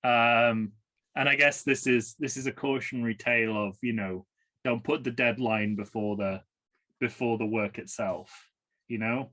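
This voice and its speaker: A man's voice: mid-range voice, fairly even intonation, moderate pace, sharp tone. A man co-hosting a podcast, chatting casually during a movie watch-along, rambling and correcting himself as he goes. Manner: rambling, self-correcting, trails off. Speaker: podcast co-host.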